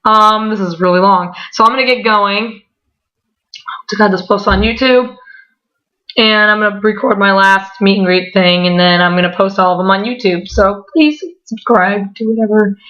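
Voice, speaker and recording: Excitable young woman vlogging in an echoey room. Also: mid-range voice, moderate pace. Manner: excitable, swearing, laughing often, lots of "like". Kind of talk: casual vlog storytelling. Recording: echoey room, dull lo-fi sound.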